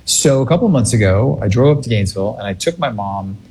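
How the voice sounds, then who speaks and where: A middle-aged man casually telling a long, rambling, animated anecdote, laughing now and then. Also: on the low side, quick pace. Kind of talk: casual chat.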